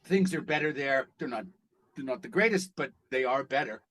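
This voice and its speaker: A man who is an actor, telling stories in a casual interview, animated and blunt, with some profanity. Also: mid-range voice, normal speed. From Canada. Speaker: actor guest.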